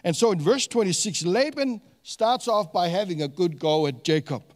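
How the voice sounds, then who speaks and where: A male pastor delivering a sermon with a notably high voice. He talks in an animated way, throwing rhetorical questions at the congregation and stumbling through fillers and restarts. The sound carries a long reverb from a large church room. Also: normal speed. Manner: many fillers and restarts while teaching.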